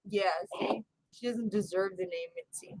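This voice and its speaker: A woman's voice: medium pitch, normal speed, darkish tone, no room sound, low-quality recording. A woman streamer chatting on a voice call, swearing freely and cooing baby talk at her cat. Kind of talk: casual chat on voice call.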